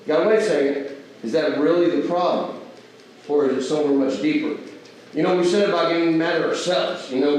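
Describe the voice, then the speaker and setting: Male Bible class teacher, higher voice, casual teaching tone, recorded far off in a very echoey hall. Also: a little mellow. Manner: asks the audience rhetorical questions; acts out everyday quoted exchanges. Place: church hall.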